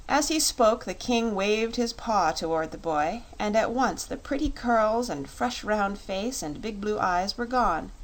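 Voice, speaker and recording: Audiobook narrator, woman, even measured read, mid-pitched. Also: low-quality recording. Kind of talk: scripted narration.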